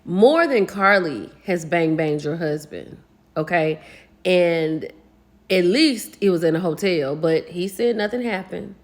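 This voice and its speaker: A woman's voice: fairly low pitch, measured pace. A woman, chatting casually as she recaps a reality show, gossiping and acting out what people said. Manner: animated, gossipy, acts out quotes.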